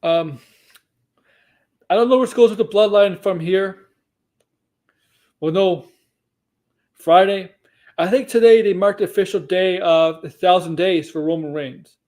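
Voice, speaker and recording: A man's voice: high voice, measured pace, pauses often, darkish tone. A man casually recapping a wrestling show for his stream, rambling and often correcting himself mid-sentence. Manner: rambling, self-correcting, acts out quotes.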